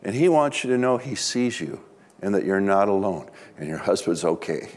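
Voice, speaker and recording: A man voicing his wife, a gentle and bold woman, in a soft and earnest tone. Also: deep voice, lively intonation, moderate pace, pitched below the performer's own voice.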